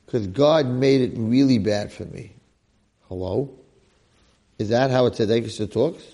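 A man giving an informal, animated Torah class to a group, talking casually and dropping in Hebrew and Yiddish terms. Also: mid-range voice, unhurried. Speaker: Torah lecturer.

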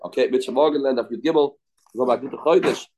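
A man's voice: medium pitch, quick pace, dark tone, low-quality recording. Man teaching Talmud in repeated phrases. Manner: explains in short repeated phrases, asks rhetorical questions. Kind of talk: daily Talmud class.

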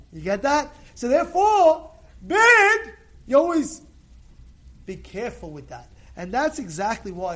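A man with a notably high voice leads a casual Torah class, pressing his point over and over. He drops to near-mutters, then rises to forceful, shouted exhortations, sprinkling in Hebrew blessings as he goes. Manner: animated, swings from quiet asides to shouted exhortations, repeats phrases; peppers speech with Hebrew blessings. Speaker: rabbi giving a Torah class. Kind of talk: informal Torah talk to a live group.

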